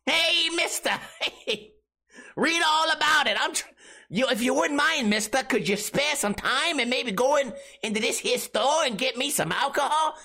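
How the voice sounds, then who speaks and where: A man's voice: very high voice, expressive, normal speed, bright, forceful tone, voice pushed up, heavily acted. A man putting on the voice of a polite old-timey underage boy who pleads with a stranger to buy him beer. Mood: pleading. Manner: pleading, overly polite, sing-song.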